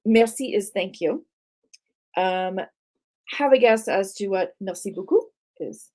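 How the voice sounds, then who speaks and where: A woman's voice: mid-range voice, a little slow, dark tone. A woman hosting a live art tour for kids, playfully quizzing a child on words and laughing often. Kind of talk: live-stream lesson for kids.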